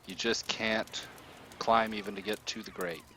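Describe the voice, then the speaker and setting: Low-voiced man narrating as game master. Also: a little slow, noisy background. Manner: relaxed, descriptive storytelling.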